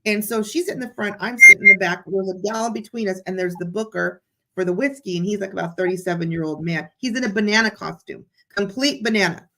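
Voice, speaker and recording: A woman chatting as a guest, telling a story in an excited, animated way. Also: medium pitch, fast, slight background noise. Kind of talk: casual chat.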